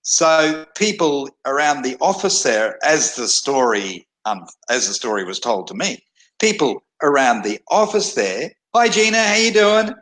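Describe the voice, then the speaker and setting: A man's voice: mid-range voice, very animated, measured pace, a bit bright, poor audio. A man, an internet marketer, talking to camera in a blunt, rambling way from his desk, repeating himself and restarting phrases. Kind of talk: casual talking-head monologue. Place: indoors at a desk in a hot tropical climate.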